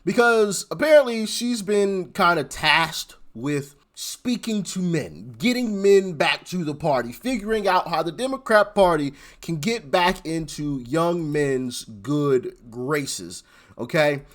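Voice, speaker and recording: A man hosts his own commentary channel. His voice sits a little high and moves a lot in pitch. He keeps it informal and chatty and addresses his viewers directly. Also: animated, slow pace. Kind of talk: casual reaction commentary.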